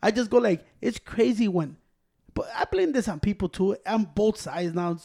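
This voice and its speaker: Brief: man with a high voice, casual profane rant, mocking. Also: moderate pace, vocal fry, dark tone. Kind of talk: casual chat.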